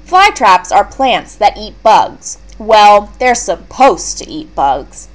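A woman reading a leveled children's book aloud, clear and expressive. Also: medium pitch, slow pace. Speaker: storybook reader.

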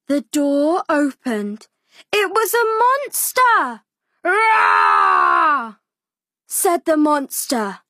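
Slow, sing-song woman reading a picture book. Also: very high-pitched, no room sound, clean studio sound. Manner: slow, expressive and sing-song, for small children. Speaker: children's story reader. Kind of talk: picture-book read-aloud.

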